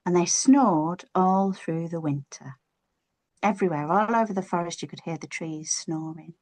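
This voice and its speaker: Female storyteller, expressive children's tale, playful delivery. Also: lowish voice. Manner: expressive, playful, drawn-out words.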